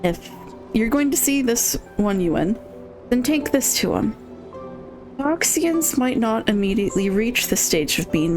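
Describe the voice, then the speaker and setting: A woman streamer reads a game's character lines aloud while playing, adding pleading emphasis and dry asides. Her voice is mid-range and a little mellow, with faint game music in the background.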